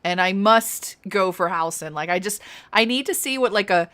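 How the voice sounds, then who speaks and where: A woman's voice: mid-range voice, moderate pace, bright, forceful tone. Giggly chatty woman streaming a game. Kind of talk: casual gameplay commentary.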